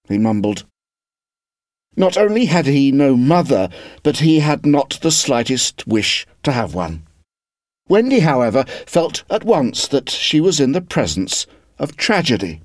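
Man reading a kids' story for a lesson, slow and deliberate, lots of ups and downs in pitch. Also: sing-song, no echo, clean studio sound. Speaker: reader of a lesson text. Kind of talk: expressive read-aloud narration.

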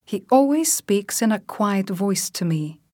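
A woman reading English vocabulary drills aloud as a teacher, saying each word and example sentence slowly and deliberately. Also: medium pitch, lively intonation, warm tone, dry recording, studio quality. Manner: clear, deliberate word-by-word enunciation.

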